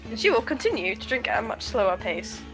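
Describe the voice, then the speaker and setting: Woman player, fairly high voice, lively pitch, wry and measured. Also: faint music behind, low-quality recording. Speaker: tabletop game player. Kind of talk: casual in-character play.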